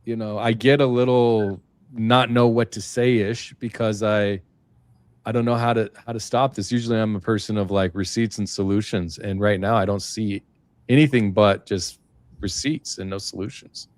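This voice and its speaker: A man co-hosting a casual political talk, earnest and halting, often restarting his sentences. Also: on the low side, steady tone, dry recording.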